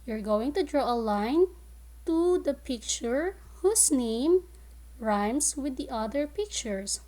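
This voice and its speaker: A woman teaching a phonics lesson to young children, modeling words clearly and slowly and giving praise. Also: high voice, expressive, dark tone. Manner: slow, clear, drawn-out word modeling with praise. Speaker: kindergarten teacher.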